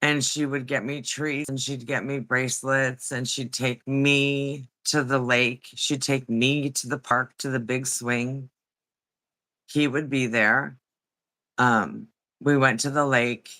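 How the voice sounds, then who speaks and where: Guest, female: low, very bright tone, slow and measured confessional telling. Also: fairly even intonation. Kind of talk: candid personal storytelling.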